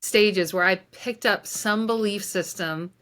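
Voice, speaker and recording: A woman's voice: medium pitch, measured pace, fairly bright tone. A woman life coach speaking as a podcast guest, reflective and earnest in conversational storytelling. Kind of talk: conversational interview.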